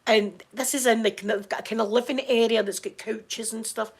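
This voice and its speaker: A middle-aged Scottish woman, hoarse from crying, chatting casually to her viewers in a halting way, repeating words and restarting sentences. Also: fairly high pitch, fairly even intonation. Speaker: vlogger talking to viewers. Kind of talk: casual chat.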